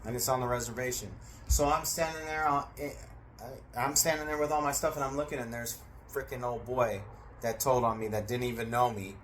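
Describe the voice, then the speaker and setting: A man telling a story in a casual, animated way, acting out voices and sound effects and swearing freely. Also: medium pitch, fairly quick, slight background noise.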